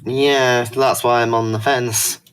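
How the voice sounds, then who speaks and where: A man in an online staff meeting making brief, measured remarks. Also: medium pitch, steady tone, fairly bright tone, clear, resonant tone. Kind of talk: casual meeting discussion.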